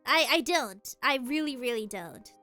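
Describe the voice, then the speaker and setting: A woman's voice: sits high, animated, normal speed, pushed and bright, soft background music. A young woman streamer in casual chat, giggly and rambling, often laughing at herself. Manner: giggly, rambling, self-deprecating.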